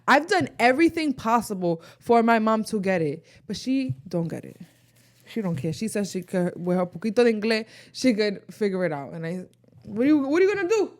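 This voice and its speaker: A woman in her late twenties, co-hosting a podcast in casual chat, switching between English and Spanish and telling animated stories full of slang. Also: fairly high pitch, brisk. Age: late 20s. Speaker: podcast co-host.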